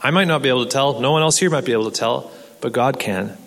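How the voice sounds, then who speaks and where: A man's voice: medium pitch, quick pace, vocal fry, fairly bright tone. Man, pastor, sermon, earnest, rhetorical questions, repeats words, long hall reverb.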